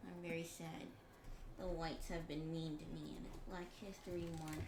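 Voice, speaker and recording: Woman, from Georgia, blunt, swears a lot, halting restarts, echoey room, faint hum behind. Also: low-pitched, flat delivery. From Georgia, USA. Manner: blunt, profane, halting venting with many restarts. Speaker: stream guest. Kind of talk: casual chat on a game stream. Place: home room. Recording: roomy echo.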